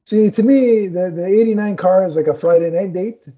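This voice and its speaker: A man's voice: high-pitched, moderate pace, mellow. A man co-hosting a casual chat podcast, retelling film scenes and acting out the characters' lines. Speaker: podcast co-host. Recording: dull lo-fi audio.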